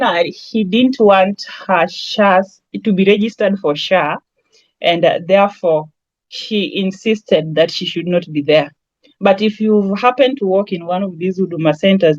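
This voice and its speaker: A woman's voice: on the low side, darkish tone, dry recording. Kenyan woman teaching, with a dry, muffled sound. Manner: conversational, with lots of everyday examples and Swahili asides. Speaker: branding trainer. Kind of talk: lecture.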